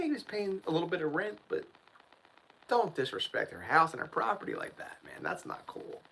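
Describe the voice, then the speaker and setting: A man's voice: a little high, big pitch swings, a little fast, vocal fry, sharp tone, slight background noise, low-quality recording. A man hosting his channel, telling a story in a casual livestream chat, ranting and often saying "dude" and "man". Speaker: channel host.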